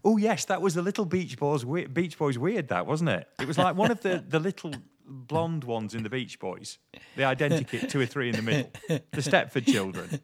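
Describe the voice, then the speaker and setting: Male co-host, playful, animated pitch. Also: moderate pace. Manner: teasing, laughing often. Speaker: podcast co-host. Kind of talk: casual chat.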